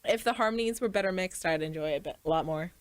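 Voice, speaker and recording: A woman's voice: fairly low pitch, fast talker. A young woman co-hosting a casual music podcast, talking loosely with fillers and frequent giggles. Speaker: podcast co-host. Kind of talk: casual chat.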